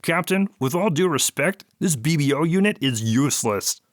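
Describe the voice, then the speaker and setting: A man's voice: a little high, lively intonation, normal speed, no echo, clean studio sound, voice pushed up, close to an everyday voice. A man voicing a petulant young male crewman who whines and complains. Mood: exasperated. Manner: whiny, complaining.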